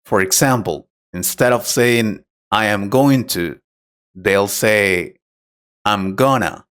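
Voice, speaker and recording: A man acting as an English teacher who explains pronunciation tips patiently and clearly in a scripted conversation lesson. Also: fairly low pitch, slow pace, fairly bright tone.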